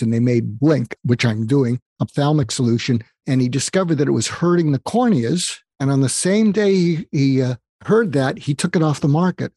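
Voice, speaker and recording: Mellow, husky older man advising. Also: mid-range voice, no echo, clean studio sound. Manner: earnest, advising, quotes people in stories. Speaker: psychiatrist and guest. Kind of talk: interview storytelling.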